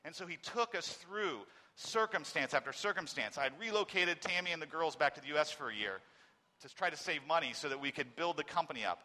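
A man in his forties giving a personal testimony. He swings between loud emphasis and very quiet, halting speech. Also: fairly high pitch, animated, big-room sound, a little hiss or hum. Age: 40s.

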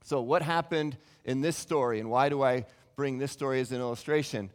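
A man's voice: medium pitch, fairly even intonation, a little fast, big-room sound. A man giving a Bible teaching sermon, earnest and explanatory, often restarting his sentences. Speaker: preacher.

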